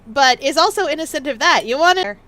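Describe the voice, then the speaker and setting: A woman's voice: high-pitched, expressive, brisk, bright, forceful tone. A woman streaming a video game, chatting playfully with viewers in casual commentary. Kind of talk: casual gaming livestream commentary.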